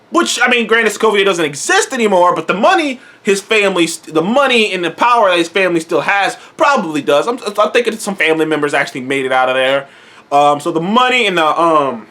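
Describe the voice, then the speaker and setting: A man's voice: high-pitched, sharp tone. A young man casually reviewing a TV episode, rambling and swearing freely. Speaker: TV show reviewer.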